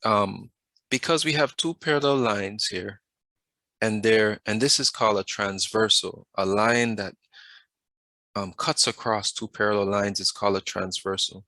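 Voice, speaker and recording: A male math teacher with a low, bright voice walks his class through a lesson. He keeps stopping to ask the students questions and waits patiently. The sound is dry and close. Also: measured pace, no room sound. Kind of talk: classroom lesson over a video.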